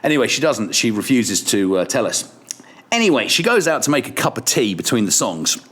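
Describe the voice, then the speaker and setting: A man's voice: mid-range voice, brisk, breathy edge. A middle-aged man, a radio presenter and podcast guest, telling casual, self-deprecating stories. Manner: animated, self-deprecating storyteller.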